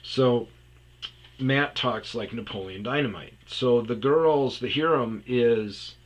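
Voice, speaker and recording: With a mid-range voice and a slow delivery, a podcast storyteller recounts rambling, profane stories from his past for laughs, slipping into impressions along the way. The audio has its high frequencies cut off.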